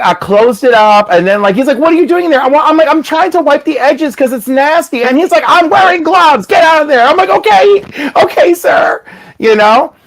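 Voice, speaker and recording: A man's voice: high-pitched, low-quality recording. A man hosting a casual stream, telling stories in a chatty way and acting out the voices of the people in them. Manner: animated, acts out voices in his stories. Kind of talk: casual storytelling chat.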